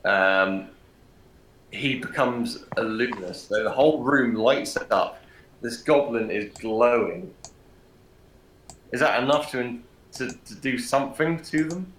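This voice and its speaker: A man playing a tabletop game, eager and thinking out loud, often repeating himself as he plans. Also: medium pitch, slow pace, long pauses, echoey room, slight background noise, low-quality recording. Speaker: player.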